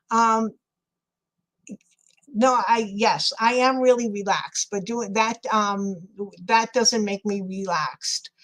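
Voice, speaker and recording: A woman's voice: medium pitch, rough recording. A middle-aged woman with a New York accent, chatting casually on a crafting livestream, rambling, laughing often and answering viewers by name. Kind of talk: casual chat while crafting and reading live chat.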